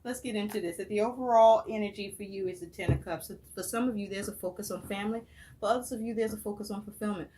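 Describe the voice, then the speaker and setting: A woman's voice: mid-range voice, quick pace, mellow, a little hiss or hum. A woman giving a tarot reading in a casual, profane and emphatic way, speaking straight to the viewer. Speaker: tarot reader.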